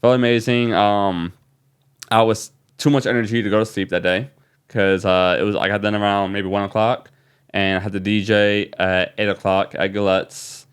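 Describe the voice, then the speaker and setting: A man from New Orleans, a young adult, guest on a podcast, telling an excited story with many fillers. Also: on the low side, moderate pace, clear, resonant tone. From New Orleans, USA. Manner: animated, excited retelling with fillers. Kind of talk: casual storytelling.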